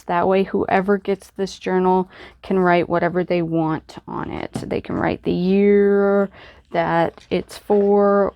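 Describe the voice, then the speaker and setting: A woman's voice: fairly low pitch, vocal fry, no echo, dull audio. A woman hosting a crafting video, chatting casually and thinking aloud as she works. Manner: chatty, self-deprecating, thinks aloud while working. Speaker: crafting channel host. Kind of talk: casual crafting tutorial voice-over.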